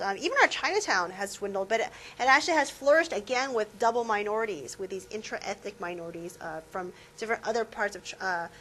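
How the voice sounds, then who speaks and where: A woman's voice: medium pitch, a bit bright, slight background noise, rough recording. A woman professor giving a classroom lecture, conversational and putting questions to her students. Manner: conversational, asks the class questions, many fillers.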